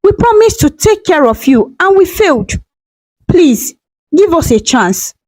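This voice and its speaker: A woman's voice: extremely high pitch, big pitch swings, unhurried, a little mellow, pitched above the performer's own voice, heavily acted. Woman voicing a weeping guilty daughter. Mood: pleading. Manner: tearful, pleading.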